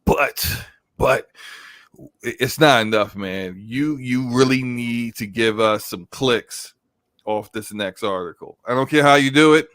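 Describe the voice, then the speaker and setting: A man doing a pushy, sly male editor, low and hushed. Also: no room sound, lightly acted. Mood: coaxing. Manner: coaxing, hedging, drawn-out pauses.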